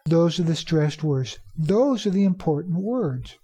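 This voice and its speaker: A man giving a podcast lesson to teachers on pronunciation, stressing example sentences slowly and talking plainly and encouragingly. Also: high voice, animated, warm tone, breathy edge. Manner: slow, emphatic model sentences; plain, encouraging talk to listeners. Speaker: teacher trainer.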